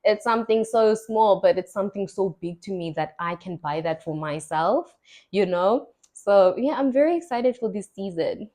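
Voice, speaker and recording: A woman's voice: mid-range voice, animated, moderate pace, warm tone. A young woman, hosting a podcast and telling stories in casual chat, acting out the voices she quotes. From South Africa. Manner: chatty storytelling, acts out quoted voices. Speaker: podcast host.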